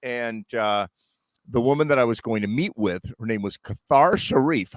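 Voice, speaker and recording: A man's voice: medium pitch, normal speed, no echo. A middle-aged man telling a long story in casual chat, acting out the voices of people in it. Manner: animated storyteller, acts out others' voices.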